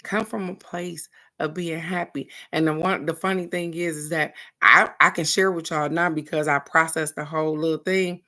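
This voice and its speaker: A woman with a low, deep-set voice talks straight to her viewers as the host of a card reading show. Her delivery is animated and frank, and she drops into other people's voices to act out the story. She sounds blunt and unfiltered, with a curse word now and then. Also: moderate pace, hardly any pauses. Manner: animated storytelling, acting out quoted voices, addressing viewers directly. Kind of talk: casual spiritual chat to viewers.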